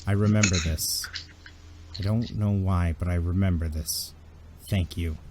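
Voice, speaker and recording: A man's voice: low voice, steady tone, background noise, voice pushed down. Man voicing a cold, vengeful alien admiral. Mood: cold menace. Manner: slow, cold and menacing, bursting into rage.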